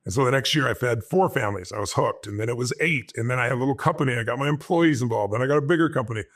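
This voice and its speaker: A man, a guest on an interview show, telling a personal story with animated energy and acting out his own past lines. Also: medium pitch, rapid-fire.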